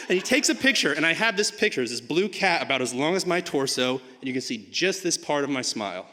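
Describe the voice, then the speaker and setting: Man, live storytelling, animated, rambling, hall reverb. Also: on the high side, quick pace, few pauses. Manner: animated, rambling with many fillers, big swings from hushed to shouting. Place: theater stage before a live audience.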